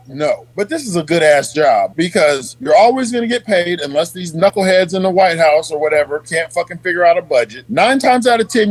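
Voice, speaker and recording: A man's voice: high voice, no room sound, low-quality recording. A man, telling profane army stories in a casual chat and acting out the quotes. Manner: profane, animated storyteller who acts out quotes. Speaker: podcast guest.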